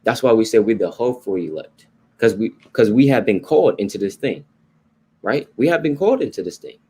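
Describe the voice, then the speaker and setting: Expressive and fairly quick, a man with a lowish, warm, husky voice teaches from the Bible. He keeps it informal and sermon-like, going over points again and checking in with "right?" and "you know."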